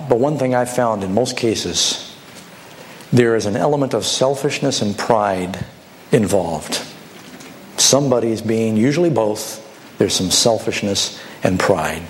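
A man's voice: mid-range voice, a little hiss or hum. A man preaching a sermon, telling stories and acting out the dialogue in changing voices. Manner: animated storytelling, acts out dialogue with shifting voices.

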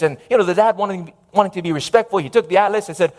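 A male preacher telling a story in a sermon, animated and calling out to his listeners. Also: high voice, rapid-fire, few pauses. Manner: animated storytelling, calls for amen.

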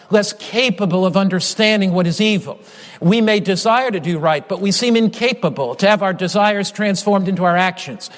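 A man's voice: high-pitched, in a large hall. A male preacher delivering a sermon, emphatic and storytelling, building his points through repeated phrases.

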